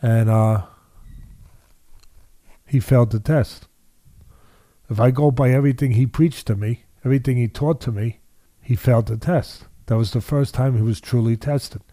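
A man's voice: mid-range voice, steady tone, moderate pace, pauses often, dark tone, no room sound, studio quality. Emphatic older man telling stories. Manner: emphatic, repeats phrases for weight. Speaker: boxing trainer, guest. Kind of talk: interview storytelling.

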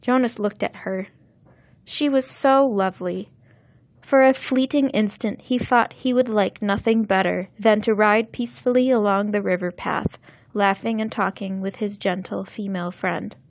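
Woman narrator reading a novel aloud with slow, careful diction, in a dry, close sound. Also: mid-range voice, steady tone, no room sound. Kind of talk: scripted audiobook narration.

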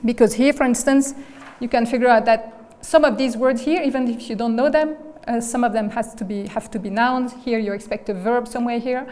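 A woman gives a lecture in a large hall, and long reverb trails behind each phrase. Her voice sits a little high. She builds the argument step by step and keeps checking with the room. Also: fairly even intonation, a little fast, darkish tone. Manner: explains step by step, often checks in with "okay?" and "right?". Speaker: guest lecturer. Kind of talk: academic lecture.

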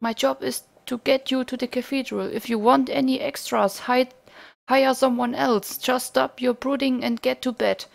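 A woman's voice: high voice, fairly even intonation, normal speed, creaky. A woman with a German accent reading the lines of a flip, teasing young male mercenary in a game.

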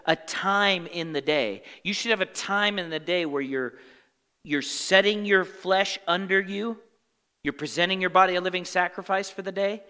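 Speaking a little slowly, a male pastor leads a Bible study from the pulpit of a church sanctuary, where a long reverb hangs on his bright, lively voice. He shifts between pointed fill-in-the-blank questions for the congregation and muttered impressions of people who complain, all in an animated, conversational way.

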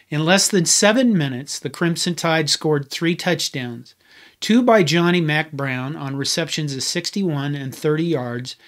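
A man's voice: a little high, a bit bright. A man hosting a history channel, giving a scripted narration with conversational, wry asides.

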